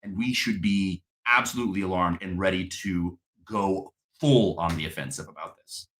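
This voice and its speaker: Deep-voiced man, impassioned host. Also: normal speed, a bit bright. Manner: impassioned, building to anger. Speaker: podcast host. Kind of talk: political discussion. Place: in-person studio.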